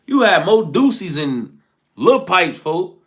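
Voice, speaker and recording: A young man telling a story in casual street slang, animated and quick to laugh, tagging his sentences with "folks" and "bro.". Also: high voice. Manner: animated slang-heavy recounting, frequent "folks" tags. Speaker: storyteller host.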